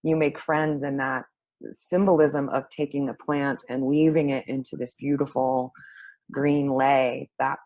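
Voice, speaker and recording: A woman's voice: very deep voice, little pitch movement, measured pace, a little mellow, no echo. A woman hosting a podcast, talking earnestly and thinking aloud in casual conversation. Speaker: podcast host.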